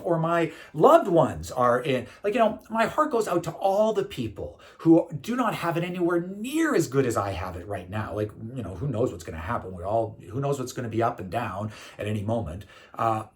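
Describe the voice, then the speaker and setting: Chatty middle-aged man telling a story. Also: medium pitch. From Canada. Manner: chatty, storytelling, many fillers and restarts. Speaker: speaker and consultant. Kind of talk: casual talk to camera.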